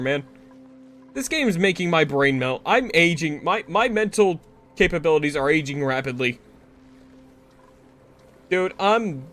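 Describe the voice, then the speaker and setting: Brief: male game streamer, slightly higher voice, cursing and exasperated, faint music underneath. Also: fairly bright tone. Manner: swears a lot, frustrated, talks to himself. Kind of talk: casual gameplay commentary.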